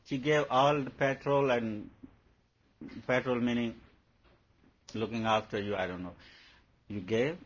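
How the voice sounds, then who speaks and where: Husky male spiritual teacher, rhetorical and playfully storytelling, dull lo-fi recording. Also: medium pitch, steady tone, a little slow, pauses often. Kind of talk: spiritual discourse to followers.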